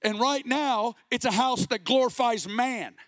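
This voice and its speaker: A middle-aged man preaching a sermon with passion, sometimes rising to a shout. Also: very high voice, a little slow, dry recording. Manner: impassioned, rising to shouts at peaks.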